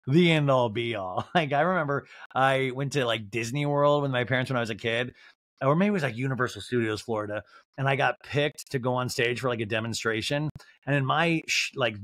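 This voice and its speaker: A man's voice: mid-range voice, fairly bright tone, no echo, clean studio sound. A man hosting a podcast, giving a rambling, comedic recap of a reality show with lots of fillers like "like". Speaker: podcast host.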